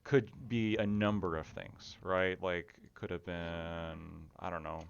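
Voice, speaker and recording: A blunt, foul-mouthed man hosts a live stream, talking between moves of his game. His voice sits low, and the audio comes through dull and lo-fi. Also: steady tone, measured pace, creaky, a little hiss or hum. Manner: blunt, swears freely, talks while playing. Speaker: streamer host. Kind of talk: casual live-stream chat while gaming.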